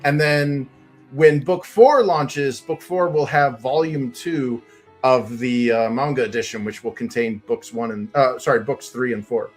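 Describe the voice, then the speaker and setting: A man's voice: mid-range voice, a little slow, soft background music. A man chatting casually as a guest on a podcast, rambling and laughing often. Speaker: guest comic creator.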